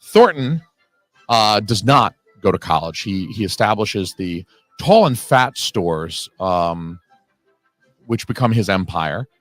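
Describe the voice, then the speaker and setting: A man with a fairly low voice talks through a movie commentary in a loose, rambling way, picking apart scenes and now and then letting a swear slip. The sound is dry and close, with no room around it. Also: expressive, slow pace, dry recording, faint music behind. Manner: rambling, analytical, with an occasional swear. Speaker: film commentary host. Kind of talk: casual film audio commentary.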